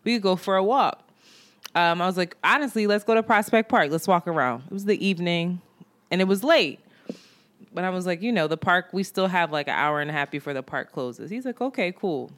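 Female co-host, casual chat; animated storyteller who laughs and swears. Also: on the low side, a little fast. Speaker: podcast co-host. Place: Brooklyn, New York.

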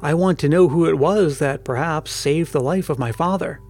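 A man's voice: fairly high pitch, moderate pace, darkish tone, soft background music. A man voicing an eager, curious young woman who is a rich man's daughter, in a storybook reading. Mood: pleading.

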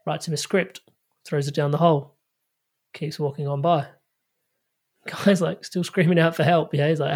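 A man's voice: on the high side, normal speed, pauses often. A man speaking as a life coach guest on a podcast, telling stories with casual slang and lots of fillers. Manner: energetic, storytelling, spiritual self-help phrasing. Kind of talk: animated podcast conversation.

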